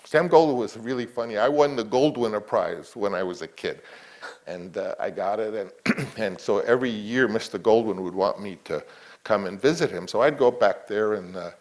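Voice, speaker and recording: A man's voice: on the low side, normal speed. A man, a film director, talking reflectively in an interview, rambling with many restarts.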